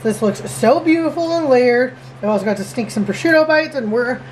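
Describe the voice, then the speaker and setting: A woman's voice: sits high, lively intonation, fairly quick, slight background noise, low-quality recording. A woman hosting a casual cooking vlog in a home kitchen, bubbly and giggly. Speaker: vlog host.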